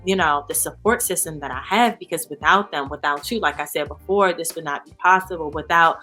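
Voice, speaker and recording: A woman speaking as an interview guest in a candid, animated way, full of "you know" and "like". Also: low-pitched, a little fast, faint music behind. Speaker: guest, founder of a support organization. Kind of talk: casual interview chat.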